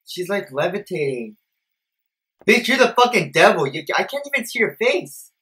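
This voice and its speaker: A young man commentating a horror video game, jumpy and profane, swinging between low mutters and shouted panic. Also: big pitch swings, normal speed. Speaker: gameplay streamer.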